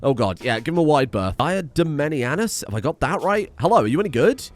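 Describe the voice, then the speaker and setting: A young man giving casual, sweary let's-play commentary while playing a strategy game, animated and self-mocking, with sudden outbursts. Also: on the high side, a little fast, no echo. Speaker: gaming YouTuber.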